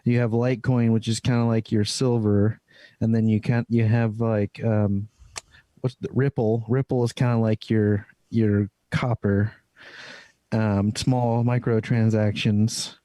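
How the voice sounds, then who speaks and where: Casual, profane man with a mellow voice. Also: fairly low pitch, little pitch movement, a little slow, dry recording. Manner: loose and profane, many fillers. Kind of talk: casual chat.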